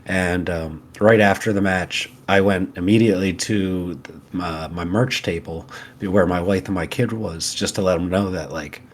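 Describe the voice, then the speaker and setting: A man in his thirties, a wrestler guest, chatting casually and telling stories in a relaxed way. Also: low-pitched, moderate pace, slight background noise. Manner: relaxed storytelling, laughs easily. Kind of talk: casual interview chat.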